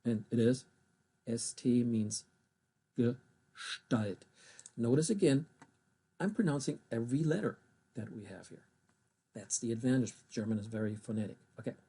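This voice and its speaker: A man teaching German, spelling out abbreviations and pronouncing German words slowly and carefully between English explanations. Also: mid-range voice, expressive, mellow, husky. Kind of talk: recorded language lesson.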